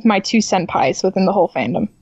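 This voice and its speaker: A woman's voice: medium pitch, expressive, fast, a little mellow, slightly rough, dry recording, dull audio. A woman chatting casually as a guest, laughing often and trailing off with fillers. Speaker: podcast guest. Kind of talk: casual chat.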